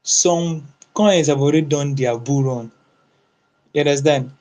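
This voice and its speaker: Man, guest speaker, live audio chat, slow, hesitant with fillers, insistent when he makes his point. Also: fairly high pitch, darkish tone, rough recording. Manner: hesitant, full of fillers and restarts, then insistent. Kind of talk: casual chat.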